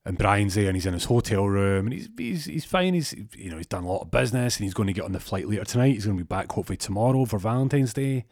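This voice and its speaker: A man's voice: lowish voice, racing, few pauses, darkish tone, dry recording, studio quality. A man telling a comic story in a rambling way, with stammering restarts.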